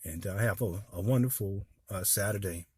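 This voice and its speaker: Male vlogger, 50s, father; raspy voice, dry sound, heartfelt and emotional direct address. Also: fairly low pitch, normal speed, a little mellow, dry recording. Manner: earnest, speaks straight to his viewers. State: emotional, voice dropping low. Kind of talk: heartfelt personal talk to viewers.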